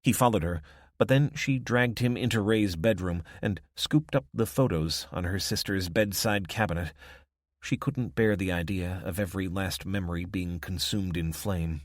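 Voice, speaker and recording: A deep-voiced man narrates an audiobook from a script at normal speed, recorded in clean studio sound with no echo.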